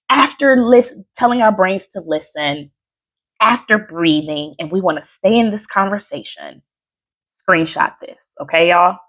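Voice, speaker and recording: Animated woman coaching with lively swings. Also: medium pitch, breathy edge. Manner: lively, animated, chatty with asides and laughs. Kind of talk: live workshop teaching.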